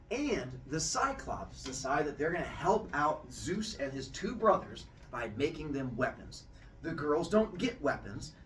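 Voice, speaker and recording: A man's voice: fairly high pitch, fairly bright tone, far from the mic, a little hiss or hum. A man retelling myths in a playful, jokey storytelling style as host.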